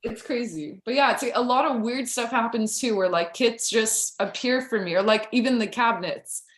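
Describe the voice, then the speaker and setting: A woman talks as a podcast guest, swept up in her own stories and scattering "like" through every sentence. Her voice sits a little high. The room around her echoes noticeably. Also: moderate pace. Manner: excited storytelling, heavy use of "like". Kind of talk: casual podcast conversation.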